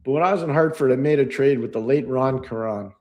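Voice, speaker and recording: A middle-aged man co-hosting a podcast, telling anecdotes in a lively way and acting out the voices of the people in them. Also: mid-range voice, fast talker. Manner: animated storyteller, acts out quoted voices, laughs often. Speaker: podcast co-host. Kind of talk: storytelling in casual chat.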